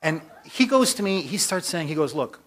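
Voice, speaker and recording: A man, a magazine editor, telling a story in an emphatic speech to a conference audience, building up to forceful repeated lists. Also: fairly high pitch, big pitch swings, moderate pace, slight background noise. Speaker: magazine editor giving a talk. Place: conference hall.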